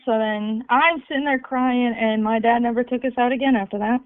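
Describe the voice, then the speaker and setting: A woman's voice: a little high, normal speed, few pauses, no echo. Tinny-sounding young woman telling stories. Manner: lively storytelling with profanity. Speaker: podcast co-host. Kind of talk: casual family chat. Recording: tinny phone-like sound, dry.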